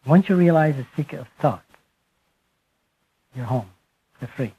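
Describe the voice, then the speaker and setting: A man giving a spiritual talk to a live audience, speaking slowly and emphatically and letting his phrases fall away softly. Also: a little high, lively intonation, husky, phone-quality sound. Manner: slow, emphatic, trailing off softly at phrase ends. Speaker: speaker addressing a group.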